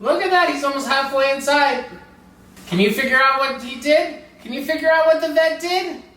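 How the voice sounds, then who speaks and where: This woman's high voice moves at a normal pace with a fairly bright tone. She hosts a children's show, reading a story and running a cooking demo in a playful, sing-song manner aimed right at the kids. The mic sits far off in a roomy space, with music playing behind her.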